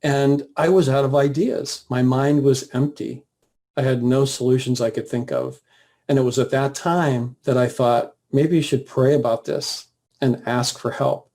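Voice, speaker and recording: Man, warm darker tone, earnest personal testimony, plain-spoken, steady storytelling. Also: mid-range voice, a little slow. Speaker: guest sharing a personal story.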